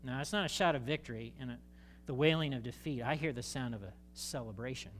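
A stern male biblical leader speaking with low, heavy anger, as a pastor reads him aloud. Each line lands weighty and grave. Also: fast talker, slight background noise, lightly acted. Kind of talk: sermon.

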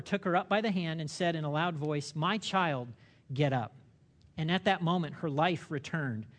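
A man preaching a sermon as a pastor in a church, animated, acting out quoted voices and asking the listeners questions. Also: a little high.

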